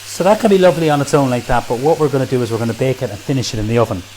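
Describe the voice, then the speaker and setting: This Irish cook rattles through a kitchen recipe demonstration at rapid-fire speed, chatty and full of enthusiasm for the food. His medium-pitched voice has a darkish tone, and a little hiss or hum is audible.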